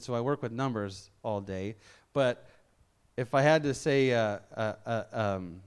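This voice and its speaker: A man's voice: medium pitch, clean tone. A middle-aged man from Memphis, Tennessee, preaching a sermon with no regional accent, in a conversational, self-deprecating way with frequent restarts. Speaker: lay preacher.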